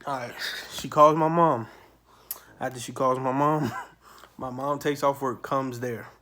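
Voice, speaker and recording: A man in the middle of his voice range tells a storytime monologue. His delivery is profane and animated, with sudden loud outbursts. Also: mid-range voice, unhurried. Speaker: channel host.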